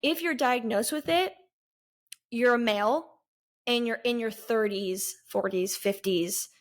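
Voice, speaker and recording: Earnest young woman telling her story. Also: on the high side. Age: 20s. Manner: candid, earnest, halting with pauses. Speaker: vlogger. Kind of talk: personal storytelling.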